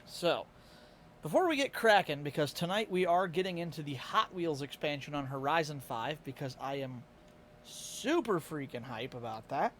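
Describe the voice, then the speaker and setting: Chatty Midwestern man, slightly high voice. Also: expressive, moderate pace, fairly bright tone, slight background noise. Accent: Midwestern American. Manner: chatty and self-deprecating, laughs often. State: a little tired. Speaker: streamer. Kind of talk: casual live-stream chat.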